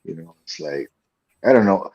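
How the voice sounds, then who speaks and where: Male co-host, low and husky, rambling, lo-fi mic. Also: lively intonation, a little mellow. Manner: rambling, halting, full of fillers. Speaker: podcast co-host. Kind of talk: casual chat. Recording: dull lo-fi mic.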